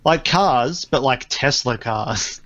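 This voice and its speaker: A man's voice: mid-range voice, lively intonation, slow pace, a bit bright, no room sound, muffled recording. A man co-hosting a casual comedy podcast, rambling through a story with frequent laughs and restarts. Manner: rambling, laughs often, trails off mid-sentence. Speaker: podcast co-host.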